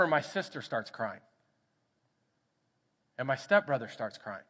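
Bright-voiced Texan pastor preaching in a hall. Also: male voice, medium pitch, moderate pace, long pauses. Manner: animated storytelling, acts out quoted voices. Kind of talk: sermon with storytelling. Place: church sanctuary. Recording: church hall reverb.

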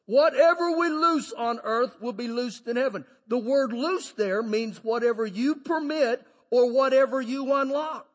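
A pastor preaching a sermon, animated, moving between loud shouted lines and low quiet asides. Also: male voice, measured pace, hardly any pauses. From Texas. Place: church sanctuary. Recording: long hall reverb.

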